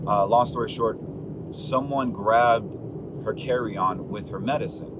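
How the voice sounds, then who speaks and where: A man's voice: lowish voice, a little slow, background noise. A man hosting a candid monologue show, talking with fiery, preachy emphasis that rises as he presses his point. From Puerto Rican heritage. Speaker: podcast host, financial advisor.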